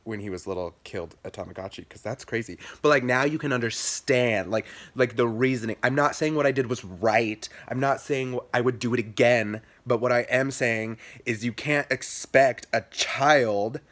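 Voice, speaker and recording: A young man vlogging a childhood story in casual chat, animated, jumping into squeaky high voices for quotes and dropping low for asides. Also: moderate pace, few pauses.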